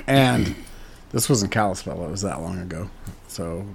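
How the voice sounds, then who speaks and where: Animated, cursing male podcast co-host. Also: low voice, moderate pace, creaky, slight background noise. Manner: animated storyteller, swears freely. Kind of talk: casual chat.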